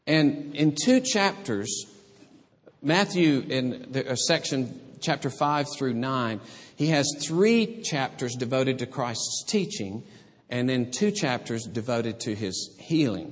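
A man preaching a sermon as a pastor, earnest and halting, with frequent restarts and fillers. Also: a little high, breathy edge. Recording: long reverb of a hall.

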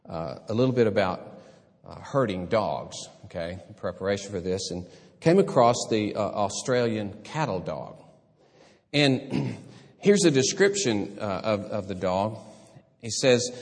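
A man preaching a sermon from the pulpit. His pitch rises and falls a great deal, and he slips into humorous asides between the points. His voice carries a long hall reverb. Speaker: pastor.

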